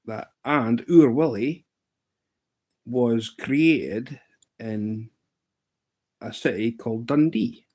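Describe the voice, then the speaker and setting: A Scottish man in his thirties, chatting casually on a livestream and telling a rambling story, with sudden pitch jumps when he mimics other people. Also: extremely slow, long pauses, darkish tone. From Scotland. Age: 30s. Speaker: live streamer.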